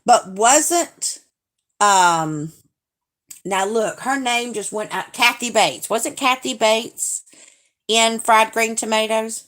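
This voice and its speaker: Slow-talking Southern woman streamer. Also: on the high side, a bit bright. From Alabama, US. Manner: chatty, gushing, drawn-out Southern talk. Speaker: live stream host. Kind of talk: casual live stream chat reading viewer comments.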